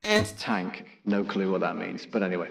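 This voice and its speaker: A man's voice: sits low, moderate pace, vocal fry, fairly bright tone, soft background music. A man talking through a megaphone radio effect, chatty and thinking aloud. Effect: megaphone radio filter. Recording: dull radio-filtered sound.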